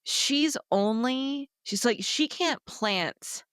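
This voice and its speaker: A woman's voice: sits high, animated, very slow, fairly bright tone, smooth, no room sound, studio quality. A woman co-hosting a casual book podcast, talking animatedly, swearing freely and acting out characters' lines. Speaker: podcast co-host.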